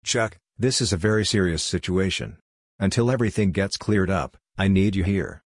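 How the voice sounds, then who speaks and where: A man's voice: deep voice, normal speed, dry recording, studio quality. A man doing a snappish female supervisor. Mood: stern. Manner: snappish and stern. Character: brusque, overworked female supervisor.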